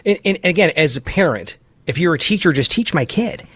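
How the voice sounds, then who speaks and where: A man's voice: a little high, animated, brisk, a bit bright, breathy edge, no room sound. A man hosting a casual political talk show, speaking in an emphatic, opinionated way. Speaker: podcast host.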